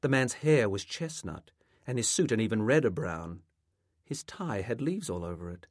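Low-voiced man reading his novel. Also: lively intonation, moderate pace, no room sound, clean studio sound. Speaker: author. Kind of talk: reading a literary novel aloud.

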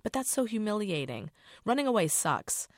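A woman's voice: mid-range voice, very animated, moderate pace, no echo, studio quality. A middle-aged woman author reading her novel aloud in a casual, profane first-person voice.

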